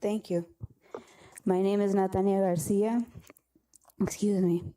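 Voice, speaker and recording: Woman public commenter, tearful and earnest, mellow tone, at a podium mic in a council chamber. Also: medium pitch, fairly even intonation. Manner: earnest, halting, apologetic. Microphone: podium microphone.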